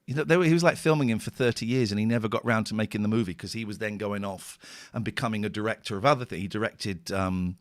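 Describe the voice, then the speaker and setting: A middle-aged radio host talks fast in a low voice, captured dry on a studio microphone. Tired and worn out, he chats casually but rambles emotionally in the studio, at times close to tears.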